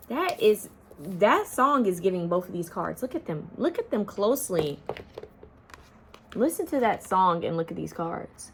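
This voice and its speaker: A woman's voice: medium pitch, very animated, measured pace, a little hiss or hum. A young woman talks straight to her viewers through a tarot reading. Her voice sits in a middle range, and she chats loosely, drifting now and then into half-sung song lyrics. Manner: chatty, addresses viewers as y'all, half-sings song lyrics. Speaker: tarot card reader. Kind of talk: intuitive pick-a-card reading.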